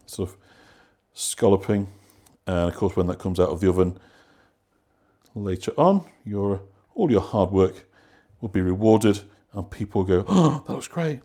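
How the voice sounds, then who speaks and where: A man's voice: lowish voice, dark tone. Chatty man demonstrating a recipe. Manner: rambling, conversational, many fillers and restarts; chats with viewers while cooking. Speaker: cooking class host. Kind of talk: live online cooking demonstration.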